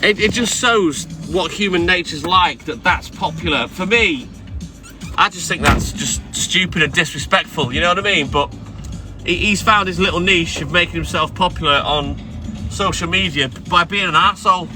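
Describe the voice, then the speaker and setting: A man's voice: high-pitched, moderate pace. A man chatting casually and bantering with viewers on a live stream from his delivery van, swearing now and then. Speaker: milkman streamer. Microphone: phone live stream. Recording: music playing clearly behind.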